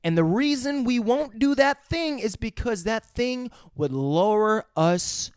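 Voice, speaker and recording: A man quoting a slow, menacing crime boss. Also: extremely high pitch, lively intonation, clear, resonant tone, dry recording, studio quality, pitched above the performer's own voice, full character voice. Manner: slow, measured, drawn-out delivery.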